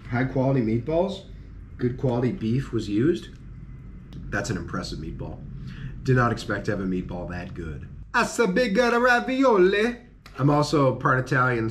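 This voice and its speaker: A man hosting a travel vlog, narrating a food tasting and reacting with loud, excited exclamations. His voice sits fairly low, with a faint hiss of background noise behind him. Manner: excited, exclaiming over each dish. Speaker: travel vlogger.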